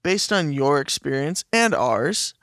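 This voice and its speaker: Chill guy hosting, bit of vocal fry, dry close mic. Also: a little high, big pitch swings, measured pace, fairly bright tone, no room sound. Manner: laid-back, joking. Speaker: host. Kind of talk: casual chat.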